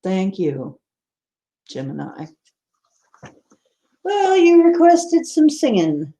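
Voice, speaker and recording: A woman's voice: mid-range voice, huge pitch swings, very slow, dark tone. A woman hosting a livestream in casual chat, playfully teasing and answering her viewers' comments. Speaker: livestream host.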